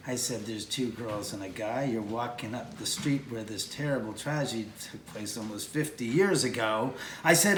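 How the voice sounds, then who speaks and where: A man's voice: medium pitch, moderate pace, few pauses, fairly bright tone, a little hiss or hum. A man who owns a house and produces films tells an anecdote on location outdoors. He tells it with energy and acts out the voices of the people in his story. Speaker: homeowner and film producer. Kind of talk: casual anecdote told on location. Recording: echoey, distant, with faint outdoor ambience.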